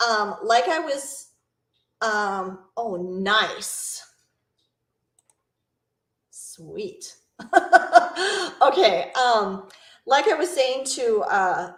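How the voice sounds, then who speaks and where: A woman's voice: on the high side, echoey room. A woman hosting a live travel Q&A, chatting casually, rambling a bit, reading out viewers' comments and asking them questions.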